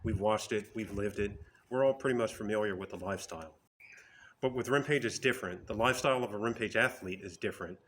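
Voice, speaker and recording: A man's voice: on the low side, fast talker, a bit bright, slight background noise. A man giving a motivational talk in an emphatic, direct, storytelling way.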